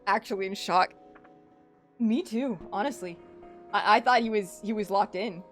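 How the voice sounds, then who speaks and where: A woman streamer reads a story game aloud at a middling pitch. She reacts openly, swearing and stumbling over her words when it hits hard. Faint music plays behind her. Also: normal speed. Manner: emotional, swears freely, restarts when upset.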